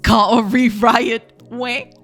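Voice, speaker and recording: A woman's voice: a little high, little pitch movement, slow, soft background music. A woman streaming game development live, chatting casually with viewers, giggling often and tripping over her words in a self-deprecating way. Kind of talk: casual livestream chat, reacting to chat.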